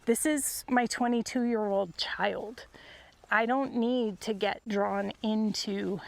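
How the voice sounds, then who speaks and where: Gravelly middle-aged woman musing aloud. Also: medium pitch, steady tone, slow pace. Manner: reflective and confiding, laughs often. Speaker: podcast host. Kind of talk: casual voice memo. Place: outdoors with her horses. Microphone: phone voice memo.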